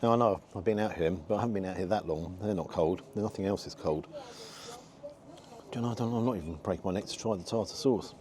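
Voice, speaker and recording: A man's voice: sits low, quick pace, darkish tone. A man giving a frank, disappointed running commentary as he tastes food outdoors for his review vlog.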